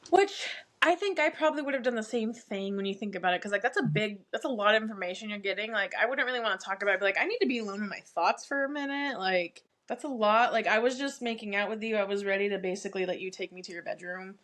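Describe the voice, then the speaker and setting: A woman's voice: mid-range voice, quick pace, few pauses, fairly bright tone. A woman co-hosting a podcast, frankly chatting about a novel's plot with frequent laughs and filler words. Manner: laughs often, filler-heavy, frank and unfiltered. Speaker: podcast co-host. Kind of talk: casual book recap chat.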